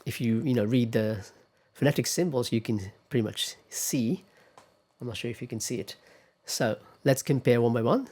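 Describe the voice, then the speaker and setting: A man's voice: mid-range voice, normal speed, a little mellow. A man giving a classroom lecture on pronunciation, patiently explaining step by step and putting questions to his students.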